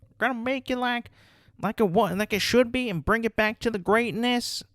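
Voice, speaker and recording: A man's voice: extremely high pitch, moderate pace, fairly bright tone, dry recording, studio quality, voice pushed up. A man doing a put-on Southern US accent, playing a boastful middle-aged male football coach who rallies a crowd with big promises.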